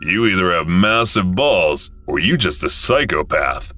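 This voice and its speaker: A man voicing an amused old man who is a regular at a fast-food counter, speaking in a dry, teasing way. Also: low-pitched, expressive, pushed and bright, no room sound, full character voice. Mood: wry. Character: wry old male diner regular, amused.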